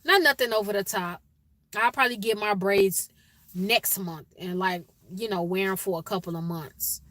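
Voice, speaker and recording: A woman's voice: medium pitch, moderate pace, a bit bright, no room sound. A woman with a Chicago accent hosting a casual livestream, chatting with viewers and greeting them by name. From Chicago, USA. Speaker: livestream host.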